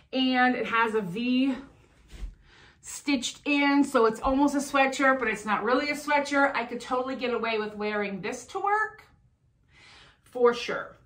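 Slow-talking chatty woman, echoey room. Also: fairly high pitch, sharp tone. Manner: chatty, unhurried, describing clothes. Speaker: fashion vlogger. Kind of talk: casual try-on haul chat. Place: at home.

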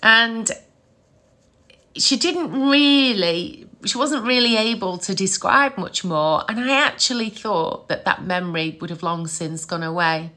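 A middle-aged woman tells stories to camera in a casual, lively way. Her voice is bright and clear. She laughs easily and keeps a warm, chatty rhythm. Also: medium pitch, unhurried. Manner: chatty, animated, laughs often. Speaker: psychic medium.

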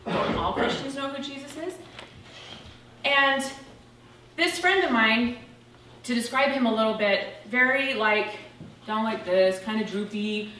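A woman's voice: a little high, fairly bright tone. A woman giving a chatty, lighthearted personal testimony to a church. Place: church sanctuary. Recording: echoey church room, from far off, faint noise.

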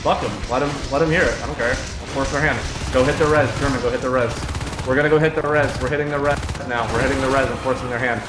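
A man's voice: mid-range voice, steady tone, fast talker, music in the background. Man barking repeated game commands. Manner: urgent, repetitive commands. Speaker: alien team commander. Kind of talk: live game shotcalling. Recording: echoey, noisy game capture. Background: gunfire from game.

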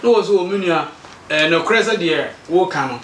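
A man's voice: high-pitched, brisk, slight background noise. A Ghanaian man with a Ghanaian accent animatedly recounting events and acting out what people said. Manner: animated storytelling, acts out quoted exchanges. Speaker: community association member. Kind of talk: recounting events, mixing Twi and English. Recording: echoey room, mic far off.

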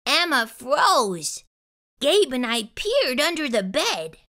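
A woman reading a children's picture book aloud in an expressive storytelling style. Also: sits high, slow pace.

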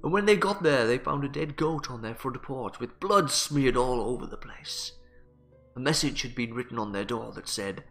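A man voicing a shaken small-town pastor in a game, stammering and speaking softly. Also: medium pitch.

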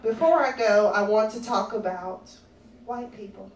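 A woman's voice: mid-range voice, unhurried, darkish tone, some chatter behind. A woman doing a stand-up comedy routine in a comedy club, sassy and conversational as she teases the audience. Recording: echoey, far-off club recording with faint ambient noise.

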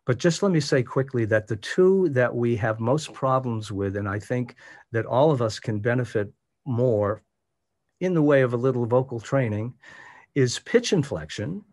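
A man leading an online workshop as a voice coach, speaking in a measured, demonstrative way and varying his pitch for emphasis. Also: a little mellow. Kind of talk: instructional presentation. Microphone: video call.

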